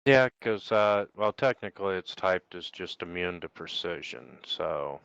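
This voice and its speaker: A man serves as game master for an online tabletop session, talking slowly and weighing the rules aloud. His voice is low and smooth. The sound is dry and a little dull, like a voice-chat mic. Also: animated, fairly bright tone, dry recording. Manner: unhurried, thinks aloud with ums while checking rules.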